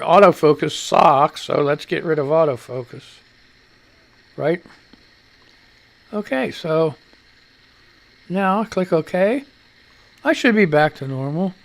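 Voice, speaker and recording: A man's voice: a little high, creaky. Rambling, salty male live-show host. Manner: rambling, salty, self-mocking. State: short of breath. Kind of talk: casual live-stream chat.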